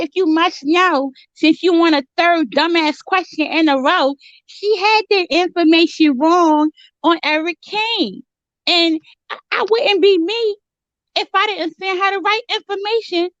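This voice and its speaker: A woman plays a crude, boastful woman from Philadelphia with a Philadelphia accent, pitched very high in a mock interview sketch. Every answer comes out combative. The recording is dull and lo-fi with a dry sound. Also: measured pace, a bit bright, no echo. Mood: defensive. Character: brash foul-mouthed Philadelphia woman interviewee.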